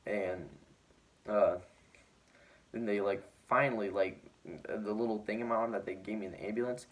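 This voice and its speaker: A man's voice: fairly low pitch, steady tone, moderate pace. A teenage boy vlogging, telling his story in a rambling way with lots of "like" fillers, sounding injured and shaken. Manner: rambling, heavy use of "like" fillers. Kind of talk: casual storytelling to camera.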